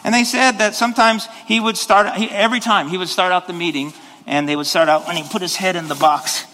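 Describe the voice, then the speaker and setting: A man's voice: high voice, fairly even intonation, fairly quick, sharp tone. A man preaching a sermon as pastor, rambling with restarts and then rising into sudden passionate bursts. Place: church sanctuary. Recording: long hall reverb.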